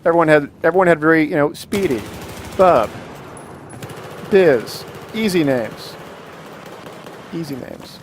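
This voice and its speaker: A man calling live esports play-by-play, excitable and jokey, reading viewer chat aloud between plays. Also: fairly high pitch, unhurried, long pauses, slight background noise. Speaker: esports commentator.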